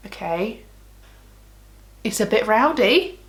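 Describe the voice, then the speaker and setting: A woman's voice: mid-range voice, expressive, takes it slowly. A woman makeup vlogger chatting casually through a tutorial, giggly and thinking aloud as she works.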